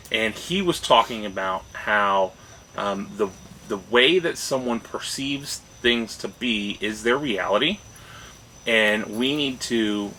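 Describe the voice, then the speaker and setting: A podcast co-host on a casual discussion show, this man has a lowish, pushed, bright voice. He talks thoughtfully, restarts phrases, and keeps checking in with a rising "right?". The rough recording carries a little hiss or hum.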